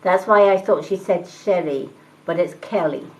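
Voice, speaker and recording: A woman doing live-stream tarot readings, talking calmly and reassuringly and greeting viewers by name. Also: on the low side, moderate pace, slight background noise, poor audio. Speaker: tarot reader and medium.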